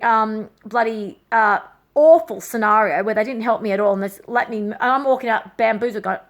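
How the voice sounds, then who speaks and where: Brief: middle-aged woman, slightly high voice, raw and agitated, swearing through a personal story. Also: normal speed. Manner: raw, agitated, swears often, repeats herself. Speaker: vlogger.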